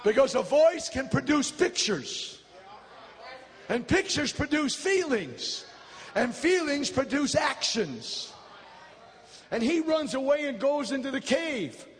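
Fiery revival preacher, male, very high voice, shouts in bursts, long reverb from a big church. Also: very animated, takes it slowly. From United States. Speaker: pastor. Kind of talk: revival sermon. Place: large church.

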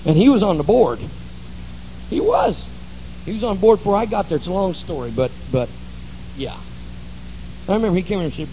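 A man's voice: high-pitched, animated, moderate pace, long pauses, noisy background. A man pastor preaching a sermon in a church, telling stories in a folksy, conversational way. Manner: folksy storytelling.

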